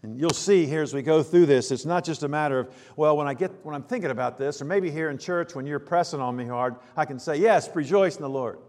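A male pastor with a fairly high voice preaches in a relaxed, conversational way. He asks the congregation questions and acts out everyday chatter. His voice carries a long reverb from a church hall. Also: fast talker, hardly any pauses. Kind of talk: sermon.

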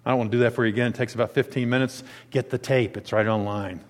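Animated preacher in an echoing hall. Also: male voice, very fast. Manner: animated, conversational, with dramatic pitch swings. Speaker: pastor. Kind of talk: sermon.

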